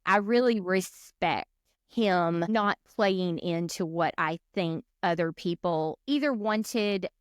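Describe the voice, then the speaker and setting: A woman's voice: fairly low pitch, slow, smooth, dry recording, clean studio sound. A woman co-hosting a casual chat podcast, telling stories and acting out the voices of people she quotes. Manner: animated storyteller, acts out quoted voices. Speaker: podcast co-host.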